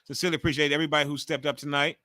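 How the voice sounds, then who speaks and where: Excitable man in his forties, bright voice. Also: a little high, racing, no room sound, clean studio sound. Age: 40s. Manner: profane, ranting, excitable reactions. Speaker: live stream host. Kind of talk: casual wrestling watch-along commentary.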